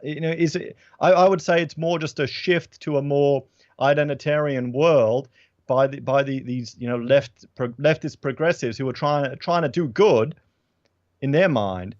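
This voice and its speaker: A man's voice: mid-range voice, moderate pace, darkish tone, dry recording. Australian man with a dull, lo-fi sound. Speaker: guest. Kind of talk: casual political chat.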